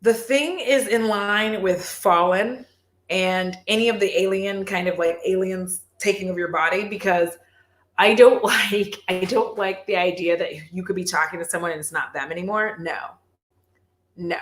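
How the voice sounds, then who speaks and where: A woman vlogger chatting casually on a livestream, animated, swearing and laughing often. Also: mid-range voice, moderate pace, echoey room.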